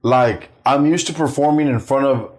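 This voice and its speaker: A middle-aged male comedian telling profane, animated family stories, acting out the voices of the people in them. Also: medium pitch, moderate pace. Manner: animated, acts out quoted voices, swears freely. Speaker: stand-up comedian, guest. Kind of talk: profane anecdotal storytelling.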